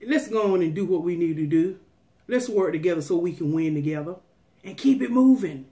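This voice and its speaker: A woman's voice: fairly low pitch, lively intonation, fairly quick, warm tone. Woman food vlogger, casual and folksy, slips into preaching at her audience. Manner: folksy, preachy, calls out to viewers. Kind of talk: casual mukbang chat with preachy pep talk.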